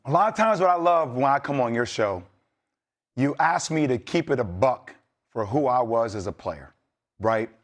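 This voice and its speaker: A man's voice: mid-range voice, expressive, normal speed. A man who is a former player talking sports as a guest, blunt and streetwise, building into impassioned rants.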